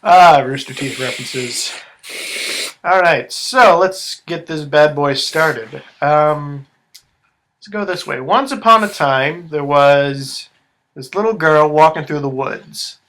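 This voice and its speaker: A young man hosting a casual improvised story, relaxed and joking with plenty of fillers. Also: on the high side, takes it slowly.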